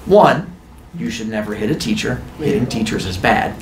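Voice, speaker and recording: A man's voice: fairly low pitch, animated, normal speed, noisy background. A man teaching a class, retelling a myth in a playful, jokey storytelling way. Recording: echoey classroom.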